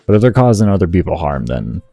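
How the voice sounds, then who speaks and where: A young man streaming a video game, chatting with viewers and swearing loudly at himself when he slips up. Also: sits low, fast, vocal fry, dry recording, faint music behind. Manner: swears heavily, rants and berates himself when frustrated; chats with viewers in a relaxed, rambling way. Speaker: gaming streamer. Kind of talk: casual live-stream chat while gaming.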